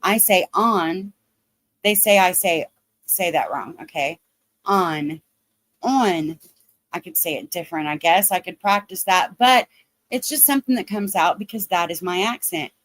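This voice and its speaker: A woman's voice: lowish voice, normal speed, fairly bright tone. A woman with a Southern Ohio accent ranting bluntly and profanely as she comments on a livestream. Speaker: drama commentary streamer.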